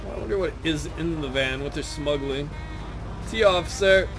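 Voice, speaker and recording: A man's voice: a little high, normal speed, music in the background. A young man commenting on his video game, joking and talking to the characters on screen. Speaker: let's play gamer.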